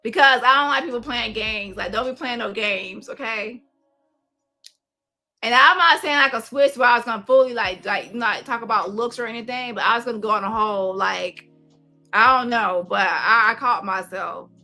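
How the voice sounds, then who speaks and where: A woman hosting a commentary stream, her voice sitting a little high and sounding bright and sharp. She talks heatedly and keeps doubling back on words as she piles up one accusation after another. Faint music plays underneath. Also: normal speed. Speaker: host. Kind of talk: casual commentary to camera.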